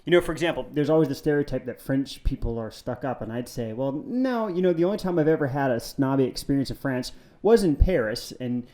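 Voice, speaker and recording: A man's voice: medium pitch, expressive, fast talker, few pauses, mellow. A man, a retired army veteran, talking earnestly and reflectively as a podcast guest in casual conversation. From United States. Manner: earnest, reflective, with many restarts.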